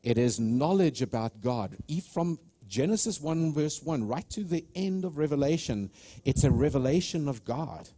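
A man's voice: on the high side, expressive, normal speed, mellow. A man from Africa, a pastor giving a live church sermon in an earnest, stop-start way, often restarting and calling out to the congregation. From South Africa. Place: church sanctuary.

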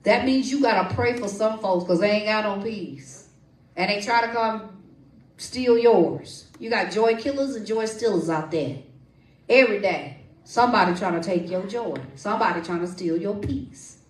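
A woman preaching a lively sermon with testimony and prayer, calling out to her congregation and coaxing responses. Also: mid-range voice, moderate pace, recorded from a distance. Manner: lively, call-and-response, folksy. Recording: echoey room, voice from off-mic.

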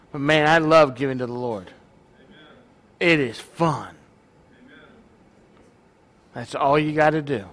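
Bright high-voiced male pastor. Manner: joking, conversational preaching. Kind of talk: sermon.

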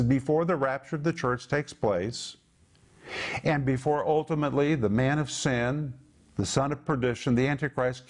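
A man in his sixties delivers a broadcast Bible lesson in a mid-range voice. He is emphatic and deliberate, drawing out and repeating key words for stress. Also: medium pitch. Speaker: Bible teacher. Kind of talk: televised Bible teaching.

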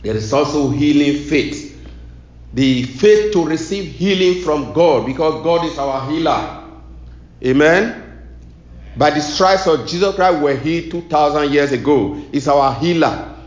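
A man's voice: on the high side, measured pace, reverberant. A male preacher delivering a sermon and prayer with a rhythmic, repetitive cadence.

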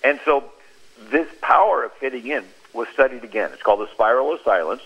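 A man speaking at a middling pitch with a slightly husky edge, telling stories on a Christian radio talk show. He livens his tales by acting out what people said. The sound is muffled and lo-fi, as if heard over radio. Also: fairly quick. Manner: animated storyteller who acts out quoted speech.

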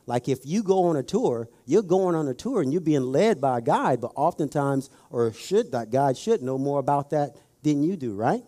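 A man's voice: fairly high pitch, expressive, normal speed, hardly any pauses, warm tone. A middle-aged man preaching a conversational sermon, telling stories and putting questions straight to his listeners. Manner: folksy, storytelling, addresses the audience directly.

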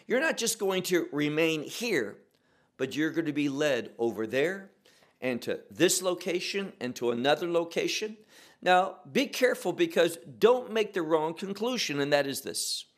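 A man preaching a sermon as pastor, explaining scripture with rhetorical questions. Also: a little high.

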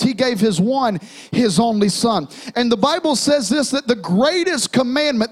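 High-voiced young preacher man. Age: young adult. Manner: call-and-response preaching, half-singing hymn lines. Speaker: pastor. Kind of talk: sermon. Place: church sanctuary.

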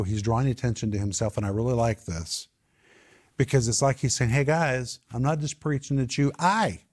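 A man leads a Bible study in an ordinary middle-pitched voice. He talks with emphasis, repeating key phrases and pausing to question his listeners. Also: warm tone. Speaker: Bible teacher.

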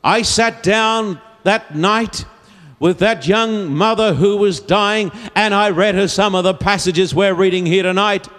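High-voiced man preaching in a hall. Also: fairly bright tone. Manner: slow, emphatic, repeats key phrases. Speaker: evangelist preacher. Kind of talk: evangelistic sermon. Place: large auditorium. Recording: long reverb of a big hall.

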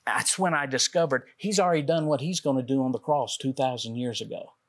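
Speaking a little fast in an ordinary middle pitch, a guest author shares his own experience on a talk show. He is earnest and performs the conversations he describes.

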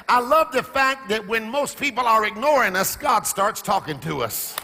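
High, gravelly impassioned male preacher. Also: animated, normal speed, long reverb tail. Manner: impassioned, call-and-response preaching with shouts and sung phrases. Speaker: pastor. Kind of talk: sermon. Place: church.

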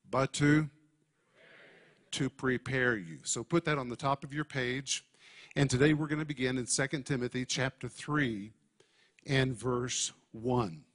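A man preaching a Bible teaching at a steady middle pitch. He leans hard on key words and slows down to drive each point home. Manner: emphatic, deliberate teaching with stressed key words. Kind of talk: sermon.

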